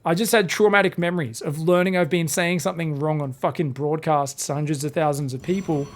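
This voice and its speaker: A young man doing solo live commentary on a strategy game, animated and profane, drifting into rambling asides between plays. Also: a little high, fairly quick, few pauses. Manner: animated, swears freely, drifts into rambling stories. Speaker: esports caster.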